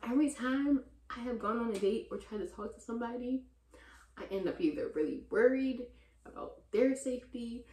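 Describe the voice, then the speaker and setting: A young woman in her twenties chatting casually in a Q&A vlog, talking to her viewers as "y'all" and getting loud and animated when she vents. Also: on the high side, normal speed. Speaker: vlogger answering viewer questions. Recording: roomy echo.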